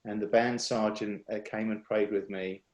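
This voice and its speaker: A man's voice: lowish voice, flat delivery. Earnest man, roomy echo. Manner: earnest, confessional, halting with restarts. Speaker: speaker at a worship workshop. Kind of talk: personal testimony. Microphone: video call.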